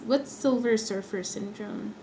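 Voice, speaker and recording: Slow, playful woman streaming from home. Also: medium pitch, noisy background. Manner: playful, teasing, laughs often. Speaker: craft livestream host. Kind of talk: chatty livestream while working.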